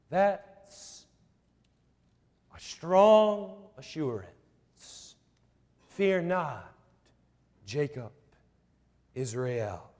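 Slow, high-voiced preacher in an echoing hall. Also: male voice, expressive, darkish tone. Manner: slow, emphatic preaching with rhetorical questions. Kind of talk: sermon.

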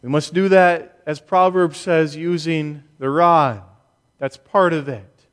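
Male pastor, slightly high voice, measured expository sermon, church hall reverb. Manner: measured, deliberate preaching with slow stressed key words.

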